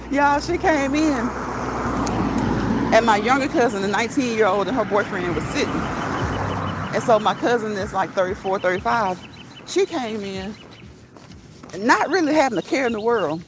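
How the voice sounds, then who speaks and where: A woman vlogging while out on a walk, telling a story in a casual, animated way, laughing often and reading viewer comments aloud. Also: fairly high pitch, normal speed, pauses often, very noisy. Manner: reads live chat comments aloud. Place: outdoors on a walk.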